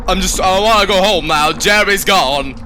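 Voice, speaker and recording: A man's voice: high voice, moderate pace, pushed and bright, faint music behind. A man playing a horror game, talking to himself in a jumpy, nervous ramble full of swearing. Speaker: gaming channel host. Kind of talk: let's play commentary.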